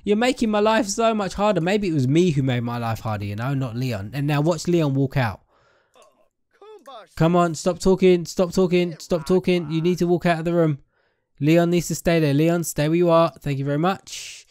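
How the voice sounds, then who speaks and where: A young man narrates his gameplay in a chatty, playful way, often turning to address his viewers directly. His voice sits a little high for a man. He jokes and talks straight to the characters on screen. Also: brisk, a little mellow. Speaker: gaming YouTuber. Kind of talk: casual let's-play commentary.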